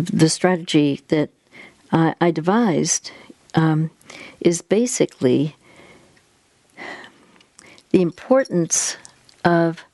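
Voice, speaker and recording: A woman's voice: on the low side, warm tone, no echo. A woman hosting an advice talk, patiently guiding a caller step by step. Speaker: host giving faith-based advice.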